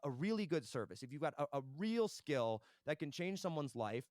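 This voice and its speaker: A young man, a podcast guest, telling business stories in a casual interview, animated and fast, often tagging on "right?". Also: a little high, dry recording, studio quality.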